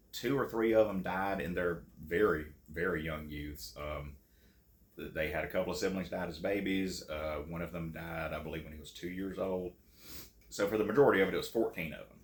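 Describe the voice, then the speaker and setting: A man from telling hunting stories in a casual, folksy way, laughing easily. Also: a bass voice. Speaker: channel host and storyteller. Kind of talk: casual storytelling. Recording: echoey room.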